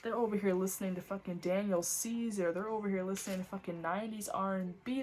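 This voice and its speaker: A young woman doing a casual tarot reading at home, talking in a lively, loose way with frequent swearing and exclamations. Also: medium pitch, fast talker, background noise. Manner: animated, swearing, breaks into laughs and snatches of singing. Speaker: tarot reader.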